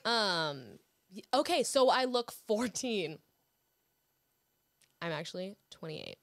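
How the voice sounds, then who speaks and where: A woman's voice: mid-range voice, big pitch swings, creaky, dry recording, clean studio sound. A woman of twenty-one, a guest actress, chatting and teasing playfully on a podcast. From Houston, Texas. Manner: playful, teasing, quick to joke. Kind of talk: casual podcast chat. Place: host's apartment.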